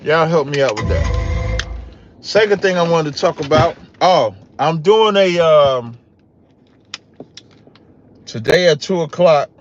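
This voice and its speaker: A man's voice: fairly high pitch, animated, takes it slowly, pauses often, lo-fi sound, slight background noise. A man hosting a casual livestream podcast, talking straight to his chat with rising, emphatic outbursts and calling his viewers y'all. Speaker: podcast host.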